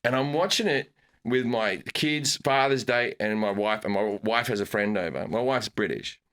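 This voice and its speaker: Australian comedian guy, middle-aged, bright punchy voice, animated storytelling, squeaks up high for jokes. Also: moderate pace. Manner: animated, jumps into bursts of high pitch for comic emphasis. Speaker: comedian guest. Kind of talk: casual storytelling chat.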